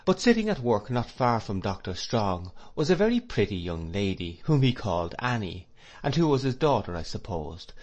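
A man with a fairly low voice narrates an audiobook from a script, telling the story in a measured, even manner.

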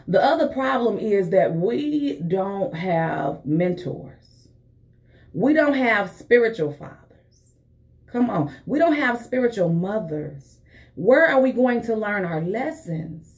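Woman preaching on a morning live, fervent but chatty, middle pitch, calls everyone honey n baby. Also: sing-song, slow pace, a little mellow. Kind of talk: sermon.

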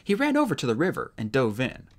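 An audiobook narrator reads a fantasy story with lively, expressive phrasing. The pitch travels widely through each sentence, with an even, middle voice underneath. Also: fast.

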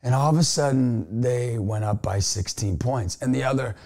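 A man coaching youth basketball gives an energetic motivational talk to camera, telling stories and breaking into shouts. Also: mid-range voice, normal speed, gravelly. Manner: energetic storyteller, bursts into shouts.

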